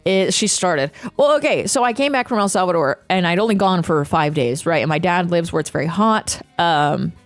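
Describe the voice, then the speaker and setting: Young woman streamer, casual profane rant, low-pitched, faint music behind. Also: dry recording. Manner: animated, profane, quick ranting with laughs. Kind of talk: casual stream chat, reading chat aloud.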